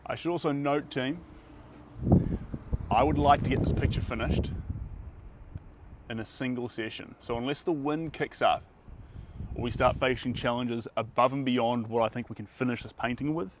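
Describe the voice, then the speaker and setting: A man with a New Zealand accent talks while he paints outdoors, chatty and rambling, his pitch sitting at an ordinary middle height. Clear outdoor noise and passing traffic run behind his voice. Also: steady tone, normal speed, long pauses. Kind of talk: live painting stream chat. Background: outdoor ambience and vehicles.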